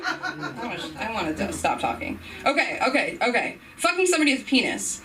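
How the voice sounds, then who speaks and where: A young woman doing a rambling stand-up set on a club stage, breaking off into loud impressions. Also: a little high, sing-song, brisk, far from the mic, slight background noise, low-quality recording. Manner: rambling, self-interrupting, bursts into shouted impressions. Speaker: stand-up comedian.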